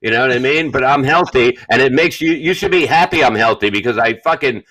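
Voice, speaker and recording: A man's voice: mid-range voice, brisk, dry recording, rough recording. An older man telling crude, boastful stories on a comedy podcast. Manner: profane, boastful, loud storytelling. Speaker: podcast co-host.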